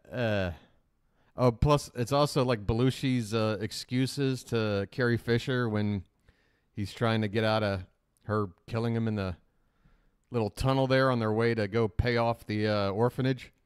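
A man's voice: fairly low pitch, unhurried, pauses often, clear, resonant tone, no echo, studio quality. A man hosting a live reaction stream, rambling in casual, profane commentary.

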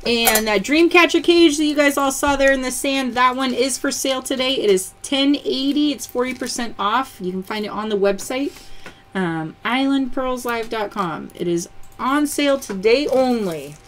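A woman's voice: high-pitched, normal speed, a little hiss or hum. A woman hosting a live-stream sale, chatty, greeting viewers by name and counting items aloud. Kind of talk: live-stream sales chat.

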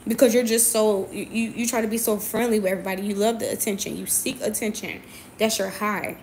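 A woman's voice: medium pitch, steady tone, brisk, a little mellow, slight background noise. A young adult woman, a boxer, venting to camera in a confrontational, emphatic way, often repeating her points. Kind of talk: personal venting monologue.

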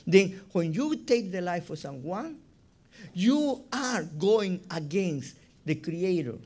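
Slow, high-voiced rabbi preaching. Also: male voice, big pitch swings, darkish tone. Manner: emphatic, repeats words, non-native phrasing. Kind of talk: sermon.

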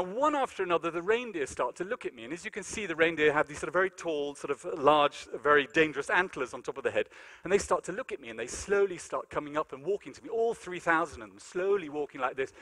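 Fast, bright, high-pitched man telling a story. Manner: animated, comic storytelling with acted-out quotes. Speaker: lecturer. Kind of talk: storytelling lecture. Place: large lecture hall.

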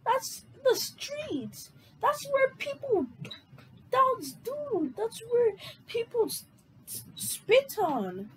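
A woman voicing an irritable city guy who rants and shouts with a voice that jumps high. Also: sing-song, very slow, slight background noise, heavily acted, low-quality recording. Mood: ranting. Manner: shouting, ranting, voice jumping high.

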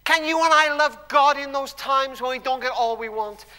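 A man preaching a sermon in a church, telling stories emphatically and dropping to hushed tones. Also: very high-pitched, moderate pace. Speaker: guest preacher. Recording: long church hall reverb.

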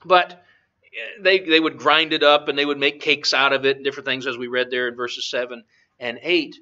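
A man's voice: medium pitch, level tone, normal speed, bright, forceful tone. A male preacher giving a chatty Bible lesson, asking the audience questions and chuckling. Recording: dull lo-fi recording.

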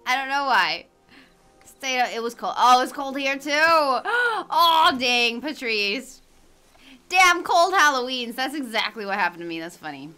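Bright, lively woman game streamer. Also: high-pitched, normal speed, clean tone, faint music behind. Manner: chatty, greets chat viewers by name, laughs often. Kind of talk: casual livestream chat while gaming.

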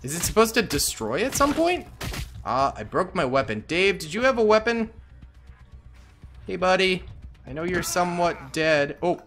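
A young man giving goofy, casual commentary over his own gameplay, muttering to himself and then yelling at a character. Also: high-pitched, big pitch swings, normal speed, pauses often, soft background music. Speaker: gaming YouTuber.

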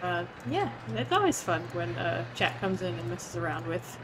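A woman's voice: on the low side, very animated, normal speed, background noise. A young woman on a casual gaming livestream, rambling, giggling and swearing now and then as she chats with viewers. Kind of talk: casual gaming stream chat.

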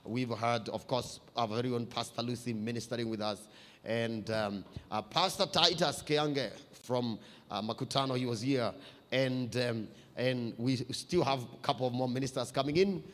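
A man, a church pastor preaching a sermon, climbing louder and higher as he reads scripture. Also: moderate pace. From Kenya. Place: church hall. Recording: long hall reverb.

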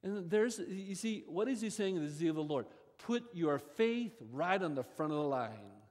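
High-voiced man preaching in a reverberant church. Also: moderate pace. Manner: expressive preaching with sharp rises in pitch and volume. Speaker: pastor. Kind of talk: sermon. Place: large church sanctuary. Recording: long church hall reverb.

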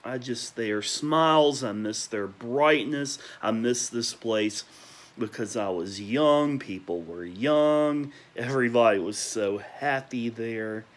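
A young man at home at night, ranting emotionally about people he misses and repeating warm praise, sometimes talking quietly. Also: medium pitch, slow. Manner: emotional, repetitive, listing names with gushing praise; talking quietly at times because parents are asleep. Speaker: vlogger. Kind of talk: nostalgic rant to camera.

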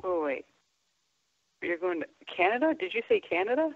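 A woman's voice: mid-range voice, big pitch swings, moderate pace, gravelly, no echo, phone-quality sound. A young woman calling in to a show, teasing the host in a playful way. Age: young adult. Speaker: caller. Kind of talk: casual phone chat.

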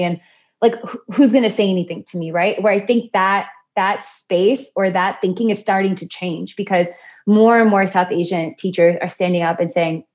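A woman's voice: mid-range voice, fairly even intonation, moderate pace, darkish tone. Chatty woman podcast guest. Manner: chatty, laughs often, acts out quoted voices. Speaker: podcast guest, yoga and mantra teacher. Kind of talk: conversational interview.

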